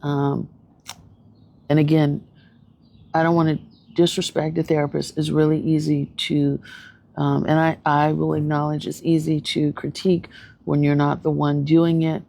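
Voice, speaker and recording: A woman's voice: low-pitched, little pitch movement, moderate pace, vocal fry, warm tone. A woman therapist giving her casual thoughts on a show, thoughtful and hesitant with many ums and restarts. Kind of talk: casual video commentary.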